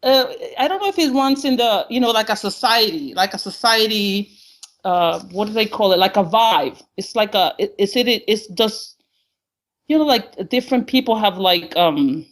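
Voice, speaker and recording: A woman's voice: mid-range voice, animated, moderate pace. Emphatic, rambling woman guest. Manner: emphatic, rambling, restarts and searches for words. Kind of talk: conversational interview.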